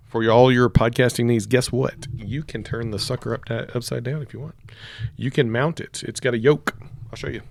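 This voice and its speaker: A man with a gravelly, mid-range voice reviews a microphone, speaking close into it with a broadcast mic in a hardwood-floored room at home. He's loose and jokey, rambling through a casual unboxing chat at a moderate pace and testing the mic out loud. There's no echo.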